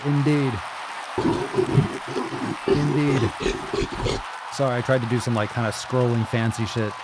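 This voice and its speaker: A man's voice: on the low side, creaky, a little mellow, no room sound, clean studio sound. Profane, hyped-up male podcast host. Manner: loose and profane, swinging between hype and mumbling. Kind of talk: casual livestream chat reading viewer posts.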